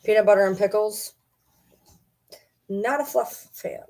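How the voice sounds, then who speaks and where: A woman's voice: mid-range voice, unhurried, darkish tone. A woman chatting casually with her viewers, rambling and teasing as she talks to her pets in between. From Michigan. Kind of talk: casual chat.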